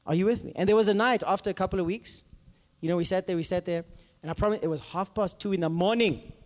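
A man's voice: sits high, fast talker. A male pastor preaching a conversational sermon, telling stories and often checking in with the congregation. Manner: animated, asks congregation often, many fillers. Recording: long hall reverb.

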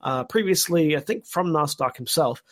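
A man's voice: on the high side, lively intonation, moderate pace. A man co-hosting a podcast, recapping an episode at length in a thoughtful, filler-heavy way. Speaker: podcast co-host. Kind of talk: casual podcast discussion.

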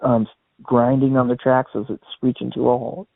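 A man's voice: medium pitch, normal speed, gravelly, no echo. Guy co-hosting a music podcast, laid-back storyteller, thin tinny sound, totally dry. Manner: relaxed storyteller, quotes others in small put-on voices. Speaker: podcast co-host. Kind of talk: casual chat about a rock album.

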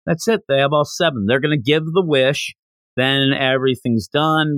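A man hosting a podcast, recapping a comic in animated casual storytelling. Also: mid-range voice, normal speed, no room sound. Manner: animated storytelling, slipping into character voices. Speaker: podcast host.

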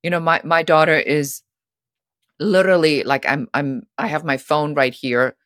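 A middle-aged woman guest on a podcast, telling stories in a lively way and acting out the voices of people she quotes. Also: low-pitched, normal speed, no room sound, clean studio sound. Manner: animated, acts out quoted voices. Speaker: guest author. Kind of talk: storytelling interview talk.

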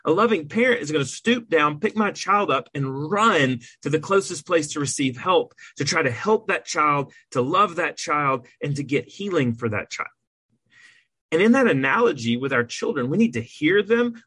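Brief: man, podcast co-host, earnest and emphatic, slightly husky, fairly high voice. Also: a bit bright, no echo. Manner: earnest, emphatic, with repeated restarts. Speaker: adoptive parent. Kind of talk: earnest conversational podcast talk.

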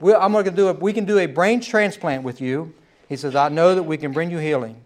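A man's voice: a little high, brisk. A middle-aged man from the United States preaching a sermon in a folksy, conversational storytelling manner. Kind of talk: sermon with a told joke.

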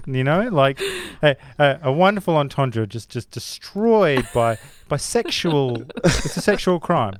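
Male co-host, rambling chatter, fake outrage, animated. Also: a little high, unhurried. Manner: rambling, mock-outraged, laughing. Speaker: podcast co-host. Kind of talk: casual comedic podcast chat.

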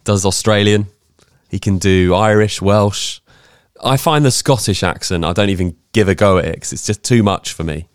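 A man's voice: on the low side, normal speed, smooth, no room sound, studio quality. A man co-hosting a podcast from home, joking and teasing in casual chat with frequent restarts. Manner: jokey, teasing, trails off in restarts. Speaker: podcast co-host. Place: home, room being decorated.

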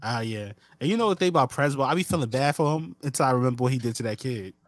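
Man making quick quips on a podcast. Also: medium pitch, animated, no room sound, clean studio sound. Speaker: podcast co-host. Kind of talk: casual chat.

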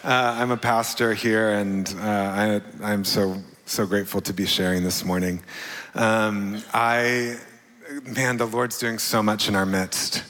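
Male pastor, low voice, loose and hesitant delivery, big reverberant church. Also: fairly even intonation, a bit bright. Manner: halting, many fillers, laughs often. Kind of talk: sermon. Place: large church hall. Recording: long hall reverb.

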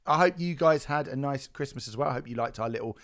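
A middle-aged man with a croaky, hoarse voice co-hosting a music podcast, joking and teasing in casual banter. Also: medium pitch, fast talker, fairly bright tone. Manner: jokey, self-mocking banter with laughs. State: hoarse, recovering from lost voice. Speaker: podcast co-host. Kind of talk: casual chat.

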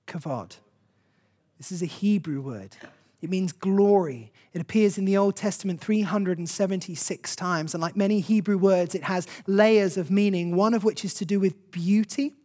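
Breathy preacher giving a sermon. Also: mid-range voice, normal speed, mellow. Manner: earnest, conversational, with short repeated phrases.

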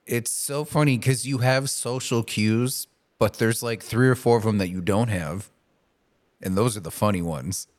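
Laid-back, laughing low-voiced man. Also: normal speed. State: high on marijuana. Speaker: podcast co-host. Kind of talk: casual chat.

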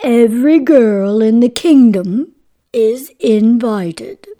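A woman reads a children's story aloud in a slow, careful way. Her tone is mellow and dark. Her pitch sits a little high, and she draws each phrase out.

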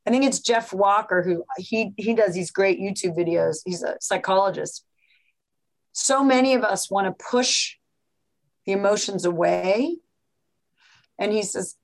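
A woman from New York, a physician guest in a podcast interview, explaining things in an animated way with examples and quotes. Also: medium pitch, unhurried, long pauses, low-quality recording.

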